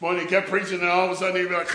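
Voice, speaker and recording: A man telling lively stories in a tribute to his pastor at a church service, acting out the quotes and laughing along. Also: high voice, racing, very noisy. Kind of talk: anecdotal storytelling speech.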